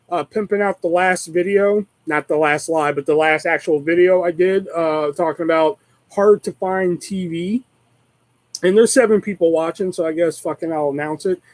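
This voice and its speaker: A man's voice: high voice, a little mellow, no room sound, rough recording. A man hosting a live stream, chatting casually in a rambling way and swearing constantly.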